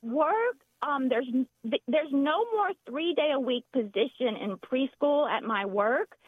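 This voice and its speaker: A woman with a soft Southern accent speaks over a tinny phone line, her voice sitting a little high. She is earnest and halting, often restarting her sentences as she calls in to the show. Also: animated, no echo. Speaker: caller. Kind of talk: phone call to a radio show.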